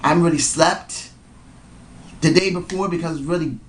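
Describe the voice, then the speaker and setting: An excitable fan rambles through his casual vlog review of a wrestling show, his voice hoarse from yelling and slightly slurred from lack of sleep. He speaks a little fast at a fairly high pitch, with slight background noise.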